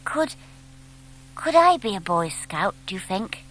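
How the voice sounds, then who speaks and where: A woman voicing an eager young baby owl boy who speaks slowly, wide-eyed and pleading. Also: medium pitch, sing-song, fairly bright tone, poor audio.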